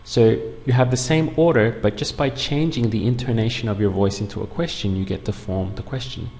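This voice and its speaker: Gravelly-voiced man teaching a language lesson. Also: mid-range voice, a little fast, a little mellow. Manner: patient, clear step-by-step explaining. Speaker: Spanish teacher. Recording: long room reverb, faint background noise.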